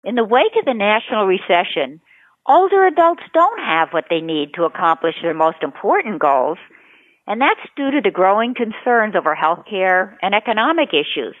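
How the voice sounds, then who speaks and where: A woman, a state president of an advocacy group, giving a measured, formal statement for a news report. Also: medium pitch, big pitch swings, no room sound. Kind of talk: prepared statement. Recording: phone-like, narrow band.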